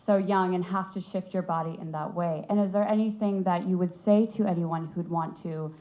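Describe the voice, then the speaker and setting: A woman's voice: fairly low pitch, steady tone, moderate pace, lo-fi sound. A woman in the audience at a film Q&A, a dancer herself, asking long questions politely and earnestly.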